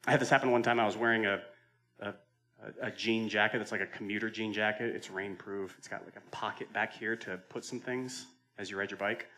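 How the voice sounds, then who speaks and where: A pastor preaching a conversational sermon, telling the stories dramatically and swinging between loud and hushed delivery. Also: male voice, on the low side, steady tone, fairly quick. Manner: conversational, with repeated restarts. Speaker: senior pastor.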